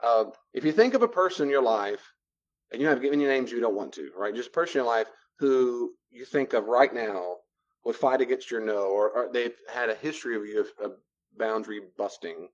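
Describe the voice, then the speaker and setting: A man's voice: mid-range voice, animated, a little fast, lo-fi sound. A man teaching a class on personal boundaries in a conversational lecture style, repeating phrases for emphasis. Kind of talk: classroom lecture with role-play.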